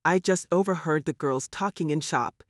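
A woman's voice: low-pitched, moderate pace, no echo, studio quality, lightly acted. A man reading a timid, babbling kindly lady. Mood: tentative. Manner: tentative, babbling. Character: timid, kindly older woman of the ladies' circle.

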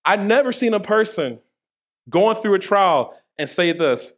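A male pastor preaching in a relaxed, talkative way, dropping playful asides to his listeners as he goes. His voice sits on the higher side for a man. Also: a little slow. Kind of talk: sermon.

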